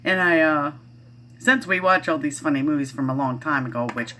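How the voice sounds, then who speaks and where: With slight background noise, a middle-aged parent vlogger talks casually to the camera at home. Her voice is low and a bit bright, her pace moderate, and her chat rambles along with lots of fillers and false starts.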